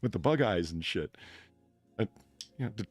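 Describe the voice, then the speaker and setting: A man hosting a casual podcast, chatty and profane, with excitable bursts. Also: fairly low pitch, moderate pace, no room sound, soft background music. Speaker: podcast host.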